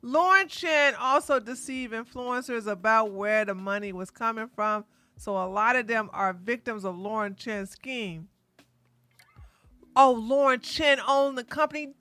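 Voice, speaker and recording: A woman hosts a livestream in a high, lively voice. Her tone is bright and she swings into loud outbursts. The mic is dry and close, with faint music behind her. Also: a little slow, no echo. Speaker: livestream commentary host. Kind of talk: casual livestream commentary.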